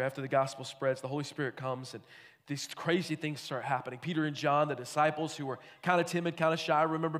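A man's voice: fairly high pitch, long reverb tail. A man giving a casual, joking sermon, talking conversationally to a church crowd like a youth pastor.

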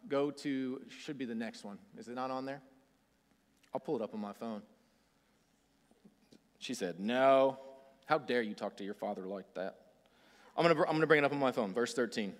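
A man's voice: medium pitch, brisk, long pauses. A man giving a casual, conversational sermon who acts out voices in the story. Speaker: preacher. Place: church hall. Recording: hall reverb.

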